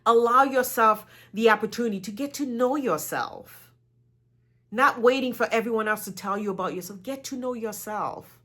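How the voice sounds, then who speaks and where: A woman's voice: a little high, lively intonation, moderate pace, bright, forceful tone. A woman giving a motivational talk, earnest and encouraging, repeating phrases for emphasis. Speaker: motivational speaker.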